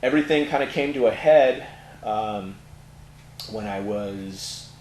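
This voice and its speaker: A middle-aged man with a Californian accent tells his story candidly in an interview, his low voice full of ums and restarts. The room is echoey, with a faint hiss behind him. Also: slow pace, darkish tone. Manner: candid storytelling with many fillers. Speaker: interview guest, tattoo parlor owner. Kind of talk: personal testimony in conversation.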